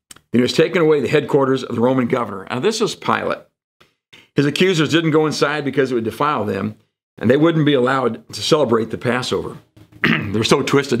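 Guy pastor preaching sunday sermon, chatty, mid pitch, does little voices for the bible folks. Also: gravelly. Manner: conversational, jumps into quoted voices for emphasis. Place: church sanctuary.

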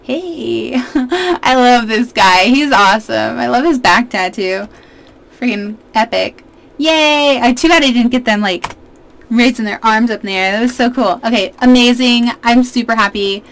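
Chatty, excitable young woman gamer. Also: on the high side, moderate pace, creaky. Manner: chatty, excitable, talks to her viewers. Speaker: gaming YouTuber. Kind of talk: casual let's-play commentary.

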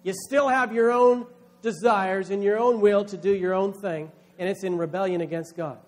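A man's voice: high voice, fairly even intonation, normal speed, darkish tone. A man, a pastor, preaching a sermon with emphatic delivery, acting out quoted voices.

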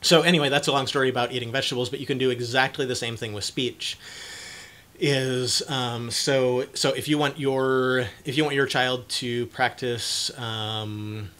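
Bright-voiced man, halting casual talk. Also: medium pitch. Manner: hesitant, many fillers and restarts; animated when acting out excited parents. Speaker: video presenter on cluttering.

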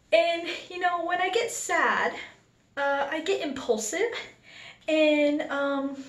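A young woman in her late teens chatting casually in a home vlog, giggling often, swearing freely and joking at her own expense. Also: a little high. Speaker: vlogger. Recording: echoey room with faint background noise.

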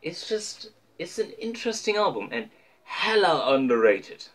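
A man's voice: high voice, big pitch swings, unhurried. Rambling, joking young man. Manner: rambling, joking, self-mocking, many fillers. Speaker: vlogger showing his record collection. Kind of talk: casual rambling talk to camera.

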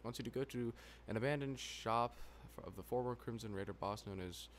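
A gameplay commentator with a medium-pitched, brisk voice rambles through casual let's play commentary, cracking sarcastic jokes at his own expense. Noisy game audio plays behind him.

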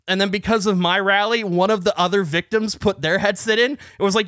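A man with a high, light voice tells a story on a podcast, getting animated as he acts out both sides of an argument. The sound is dry and close. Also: fast, hardly any pauses, no room sound. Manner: animated, acts out shouting matches. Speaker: podcast co-host. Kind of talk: casual storytelling.

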